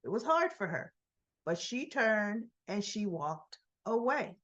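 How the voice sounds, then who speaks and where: A woman's voice: mid-range voice, big pitch swings, slow, highs cut off. Chatty woman recapping soap episodes. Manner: acts out characters' lines in quotes, chatty asides. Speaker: soap opera recap host. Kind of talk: casual retelling of episode scenes.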